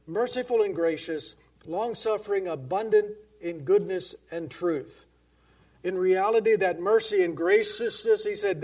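High-voiced man teaching a Bible lesson. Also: darkish tone, slightly rough. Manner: conversational, with frequent restarts and questions to the congregation; reads King James scripture slowly and emphatically. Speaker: preacher. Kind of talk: Bible-study sermon.

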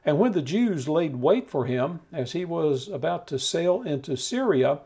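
A man preaching a steady, measured Bible teaching, talking the listener through scripture. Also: a little high, husky. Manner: calm measured teaching with occasional restarts.

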